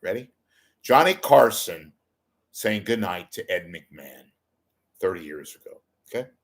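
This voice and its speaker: A man's voice: on the low side, lively intonation, measured pace. A man hosting a casual monologue show, rambling and self-deprecating. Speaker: host.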